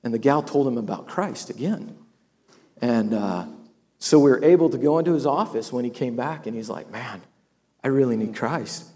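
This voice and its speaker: A man's voice: mid-range voice, expressive, normal speed, warm tone. Tearful man telling a testimony, echoey hall. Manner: storytelling, tearful at moments, laughs often. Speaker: business owner sharing a testimony. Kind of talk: emotional personal testimony.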